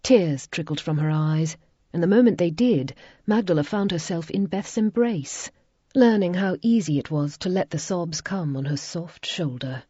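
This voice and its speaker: A woman reading a romance audiobook in a measured, even narration. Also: on the low side, husky, no room sound. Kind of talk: scripted narration. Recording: dull lo-fi recording.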